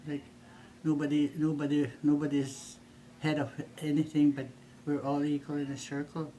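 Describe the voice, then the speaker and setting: An older woman from Northern Manitoba speaks slowly and haltingly, often repeating her words as she introduces herself. Her voice is warm and mellow. A faint hiss of noise sits under the recording. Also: low voice, flat delivery. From Northern Manitoba, Canada. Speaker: church minister and elder. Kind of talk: personal introduction in a video.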